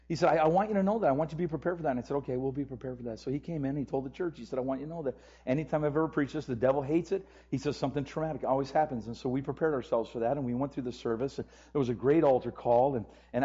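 A man's voice: mid-range voice, mellow, slightly rough, dull audio. A middle-aged man, a pastor, tells a personal story in a sermon, earnestly acting out the urgent pleas of the people in it. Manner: earnest storyteller, acts out quoted voices with urgent pleading.

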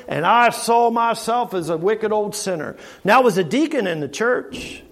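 A middle-aged man preaching a sermon, earnest, asking the congregation rhetorical questions and often repeating and restarting phrases. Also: high-pitched.

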